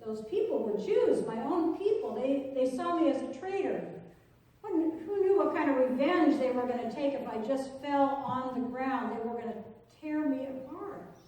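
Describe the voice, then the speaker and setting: A woman pastor performing a first-person monologue as Zacchaeus, an anxious tax collector, telling his story with halting, repeated words. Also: high-pitched, darkish tone. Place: church sanctuary. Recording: echoey sanctuary, distant mic.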